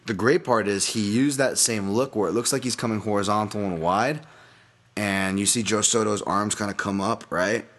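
A man hosting a solo podcast, breaking down upcoming fights in a rambling, animated and profane way. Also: lowish voice, normal speed. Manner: animated, rambling, profane, laughs at own bits. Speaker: MMA fight analyst podcast host.

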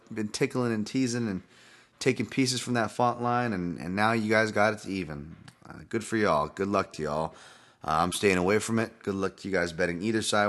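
A man's voice: low-pitched, a bit bright. A man hosting a podcast, giving casual fight-betting commentary in a rambling, profane, worked-up way.

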